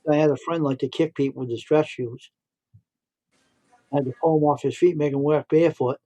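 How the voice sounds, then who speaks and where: Middle aged guy rambling thru old stories on a livestream, kinda high voice, repeats himself a lot. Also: fairly even intonation, a little fast, warm tone, lo-fi sound. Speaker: livestream host. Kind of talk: casual storytelling.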